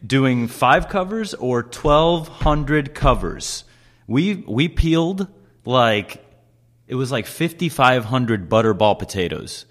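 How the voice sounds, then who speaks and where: A man's voice: mid-range voice, expressive, slow. A man hosting a podcast, telling kitchen stories in casual chat, swearing freely and laughing as he talks. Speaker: podcast host.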